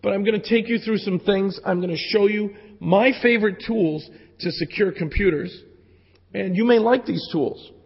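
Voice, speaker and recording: A man giving a live technical talk at a conference, casual and joking with the audience, hoarse from losing his voice. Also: high voice, normal speed. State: losing his voice from jet lag. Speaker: security conference speaker. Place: conference hall. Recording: lo-fi hall recording with long reverb.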